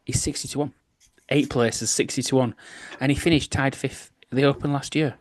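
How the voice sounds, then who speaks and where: A man co-hosting a golf podcast, giving his picks in a dry, sarcastic, measured way. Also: medium pitch, steady tone, slight background noise. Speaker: podcast co-host. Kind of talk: casual podcast chat.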